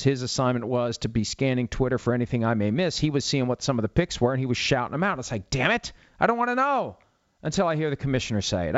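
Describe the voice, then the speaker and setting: A man's voice: mid-range voice, dry recording, dull audio. A middle-aged man hosting a solo podcast, ranting with rhetorical questions and then answering listener questions. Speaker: podcast host.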